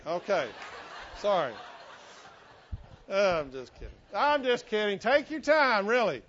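A middle-aged man preaching a sermon in a folksy, self-joking way, softening his voice for personal stories. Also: sits high, sing-song, normal speed, slight background noise. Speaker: pastor. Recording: muffled lo-fi sermon recording.

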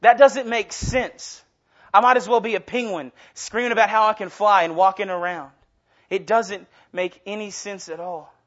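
Young guy with a high voice, rambly laid-back sermon, muffled lo-fi recording. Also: moderate pace, pushed and bright. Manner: casual, rambling, self-deprecating, often restarting. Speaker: guest preacher. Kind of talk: informal sermon with storytelling. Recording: dull lo-fi recording.

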